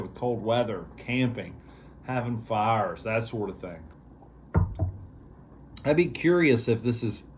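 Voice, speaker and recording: A man's voice: fairly low pitch, a little mellow, a little hiss or hum. A man hosting a casual vlog review, talking in an easygoing, rambling way with lots of fillers. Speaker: beer reviewer, show host.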